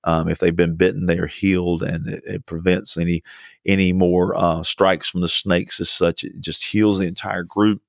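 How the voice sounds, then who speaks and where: A man preaching a sermon with fervent repetition and sudden swings of pitch. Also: level tone, normal speed, vocal fry, no echo, studio quality. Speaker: pastor.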